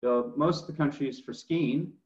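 A man's voice: medium pitch, normal speed, darkish tone. A middle-aged man speaking as a wine expert on a video call. He talks eagerly, with plenty of fillers and self-corrections. The audio is roomy and a little dull. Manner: enthusiastic, with many fillers and restarts. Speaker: master sommelier guest. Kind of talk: presenting slides in a wine tasting webinar.

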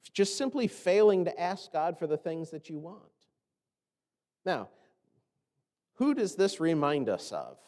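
An American man preaching a sermon as pastor, animated and often mimicking the complaining voices of others. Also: fairly high pitch. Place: church sanctuary. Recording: long church reverb.

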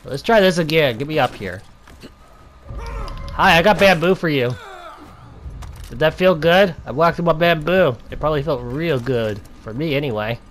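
Young male gameplay commentator, slightly high voice, playful taunts, theatrical outbursts. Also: animated, slight background noise. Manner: playful, taunting enemies, drawn-out mock-dramatic shouts.

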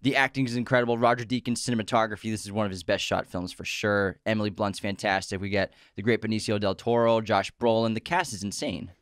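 A man's voice: on the low side, steady tone, a bit bright, no echo, clean studio sound. A man co-hosting a film podcast, chatting casually and with enthusiasm. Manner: enthusiastic, talks in quick bursts. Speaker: podcast co-host. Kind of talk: casual chat.

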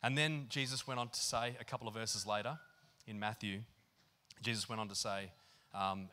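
A man preaching a sermon in an animated, conversational way, with lots of fillers. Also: fairly low pitch, moderate pace. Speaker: pastor. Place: church hall.

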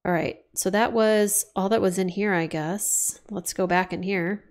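A woman's voice: mid-range voice, steady tone, a little slow. A woman streaming a horror game, chatty and joking, saying "F word" in place of swearing. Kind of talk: casual let's-play commentary.

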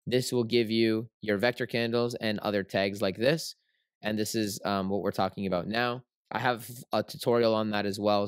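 A man's voice: medium pitch, clear, resonant tone, dry recording, studio quality. Casual male livestream trading host. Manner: casual, repeats himself, many fillers and tag questions.

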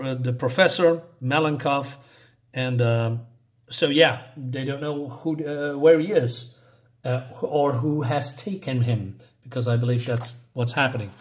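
A man casually reviewing a comic book and recapping its story, often halting and restarting as he searches for words. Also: medium pitch, fairly bright tone.

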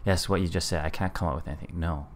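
A man's voice: low-pitched, fairly even intonation, very fast, a little hiss or hum. A man casually commenting on a game he is playing, playful and amused. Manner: playful, amused, reading choices aloud. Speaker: gaming video host.

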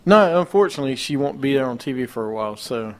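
A man's voice: medium pitch, lively intonation, quick pace, crowd noise. A man co-hosting a casual wrestling talk show, rattling off match cards and ranting with mocking disbelief. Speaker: podcast co-host.

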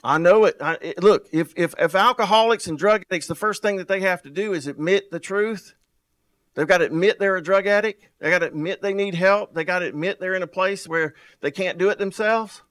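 A male pastor, preaching a sermon full of rhetorical questions and repeated phrases, swinging between loud and soft and drawing out words for emphasis. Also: sits high. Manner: wide swings in loudness and pace, drawn-out emphasis.

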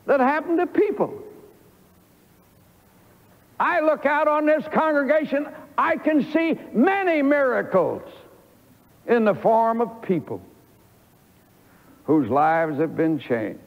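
An older man preaching in a slow, gravelly voice that climbs high and swoops all over. The sermon comes through a dull, old archival recording with long church reverb. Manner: folksy storytelling with lively preaching emphasis. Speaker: pastor. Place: church sanctuary before a congregation.

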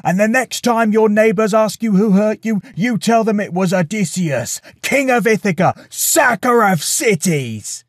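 A man's voice: on the high side, sing-song, normal speed, no room sound, studio quality. A man playing the cunning hero Odysseus. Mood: defiant shouting. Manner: sly and persuasive, then shouting defiance. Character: cunning bold Greek hero king, defiant.

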